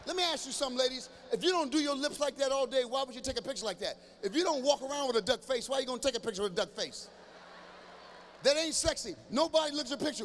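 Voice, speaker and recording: A middle-aged man performing stand-up comedy at a live show in a large church venue, talking straight to the crowd in an animated way and now and then breaking into shouts. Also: very high voice, brisk, a little hiss or hum. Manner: animated, addresses the audience directly, breaks into shouts. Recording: echoey hall with faint ambience.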